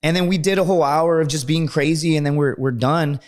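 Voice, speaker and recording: A man telling rambling, profane stories in casual podcast chat. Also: a little high. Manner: profane, rambling, fast storyteller. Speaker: guest. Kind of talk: casual storytelling.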